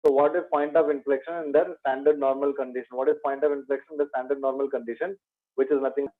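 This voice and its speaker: A man's voice: mid-range voice, level tone, fast talker, phone-quality sound. A man teaching an exam revision lecture in maths, repeating key points, asking rhetorical questions and calling his students "my dear".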